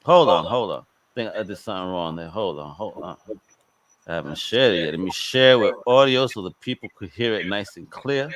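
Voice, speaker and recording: A man's voice: low voice, animated, a little fast, fairly bright tone, rough recording. A man hosting a casual interview, upbeat and joking, often laughing. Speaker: podcast host.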